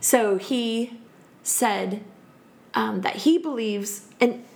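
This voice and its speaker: Chatty woman with a gravelly edge. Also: a little high, very slow, a little hiss or hum. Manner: animated, laughs often, acts out quotes. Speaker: podcast guest. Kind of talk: casual storytelling chat.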